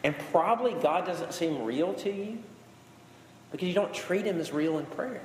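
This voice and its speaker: A man's voice: a little high, slight background noise. Man preaching in an echoey hall. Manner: conversational, emphatic preaching with repetition. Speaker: pastor. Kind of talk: sermon. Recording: echoey hall with faint ambience.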